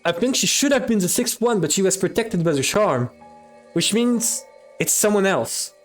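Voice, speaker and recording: A man reads a visual novel aloud on stream, his fairly high voice bouncing up and down with lively pitch. He keeps stopping the narration to chat and swear casually. Faint music plays under him. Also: normal speed.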